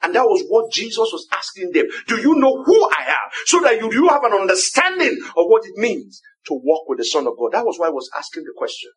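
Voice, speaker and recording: A man with a Nigerian accent preaching a sermon, firing repeated rhetorical questions and rising to emphatic shouts on key phrases. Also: high-pitched, sing-song, brisk, hardly any pauses, slightly rough.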